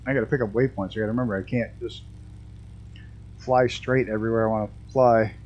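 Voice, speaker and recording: A man's voice: fairly low pitch, fast, highs cut off. A man live-streaming a flight simulator with a mixed New York and Canadian accent touched with Southern US, laughing often and speech hampered by a damaged tooth. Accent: mixed New York and Canadian with a hint of Southern US. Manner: laughs often, excitable exclamations. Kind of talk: live flight-sim game commentary.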